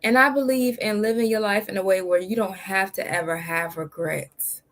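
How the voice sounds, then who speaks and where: A woman's voice: mid-range voice, fairly even intonation, a little fast, fairly bright tone. A woman hosting a reaction video, talking bluntly and emphatically. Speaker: reaction channel host. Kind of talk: casual commentary.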